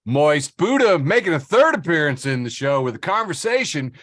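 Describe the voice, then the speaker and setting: A man hosting a casual podcast, reading social media posts aloud and laughing between jokes. His pitch swings widely as he talks, and the sound is close and dry with no room echo. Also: big pitch swings, moderate pace, fairly bright tone. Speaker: podcast host. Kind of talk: casual chat.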